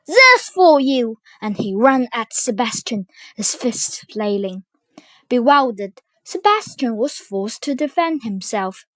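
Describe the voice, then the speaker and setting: A woman reads a children's storybook aloud with expressive, animated delivery. Her voice sits higher and she takes her time. The sound is close and dry. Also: a little slow, no echo. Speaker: narrator.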